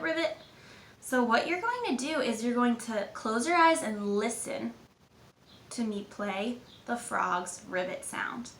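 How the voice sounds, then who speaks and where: A young woman as Jane, cheerful guide, high voice, echoey room, faint ambience, coaxing kids through stretches. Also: bright, forceful tone, a little hiss or hum. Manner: upbeat, encouraging, talks to children. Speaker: kids' movement and mindfulness instructor. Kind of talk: guided movement lesson for children.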